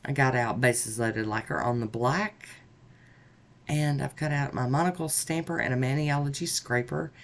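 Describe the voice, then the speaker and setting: A woman's voice: a bass voice, moderate pace. Chatty woman narrating a nail tutorial. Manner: chatty, upbeat, talks through each step. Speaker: nail art vlogger.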